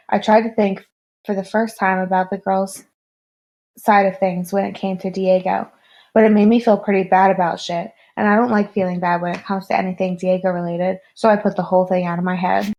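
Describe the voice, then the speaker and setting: Woman reader, mid-range voice, steady first-person narration of a novel. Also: mid-range voice. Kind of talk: reading a novel aloud.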